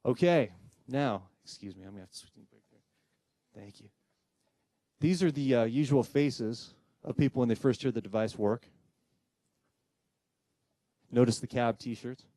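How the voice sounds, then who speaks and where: Medium in pitch and measured in pace, this man's voice pauses often, with no room sound. Presenting to a live audience on spirit communication, he tells a story animatedly and performs the voices in the quoted dialogue.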